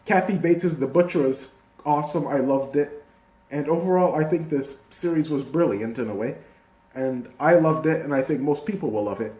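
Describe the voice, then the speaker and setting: A man's voice: fairly high pitch, moderate pace, a little mellow. A man giving a casual, rambling video review of a TV season, full of fillers and restarts. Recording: echoey room.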